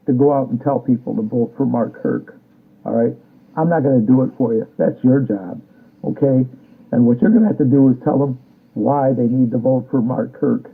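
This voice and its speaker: Gravelly man ranting, tinny phone sound. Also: mid-range voice. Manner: combative, repetitive, ends phrases with "all right?". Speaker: political commentator. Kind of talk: angry political rant.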